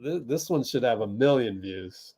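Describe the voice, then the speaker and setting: A man's voice: mid-range voice, animated, moderate pace, a little mellow, breathy edge. A man hosting a casual livestream watch party, chatting with viewers, laughing often and typing as he talks. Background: keyboard typing.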